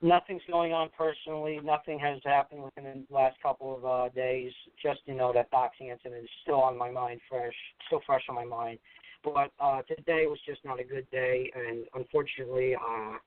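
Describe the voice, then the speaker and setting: A male radio caller speaking in a halting, apologetic way, circling back to the same phrases. His voice comes through a dry, narrow, phone-like line at a middle pitch. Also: steady tone, dry recording. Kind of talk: call-in radio talk.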